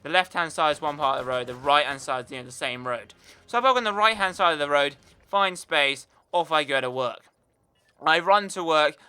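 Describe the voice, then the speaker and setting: A young gaming YouTuber from the United Kingdom chats casually over gameplay, wandering through a story full of fillers. His voice runs on the high side and brisk, pushed and bright with a clean tone.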